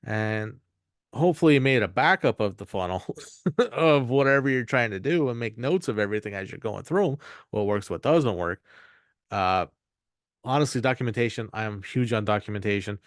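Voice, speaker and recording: A man teaching an online marketing course, talking off the cuff, rambling and repeating himself and acting out quick asides. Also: on the low side, animated, dry recording, studio quality. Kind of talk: unscripted course talk.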